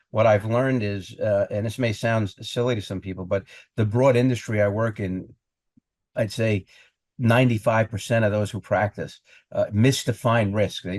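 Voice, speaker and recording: Man, podcast host, mid-pitched, earnest, explanatory, repeats words, chuckles mid-sentence, dry room. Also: darkish tone, no room sound. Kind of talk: conversational interview.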